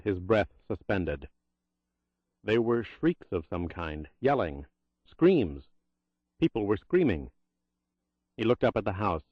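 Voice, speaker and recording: Low-voiced man narrating a thriller. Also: no room sound, lo-fi sound. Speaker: audiobook narrator.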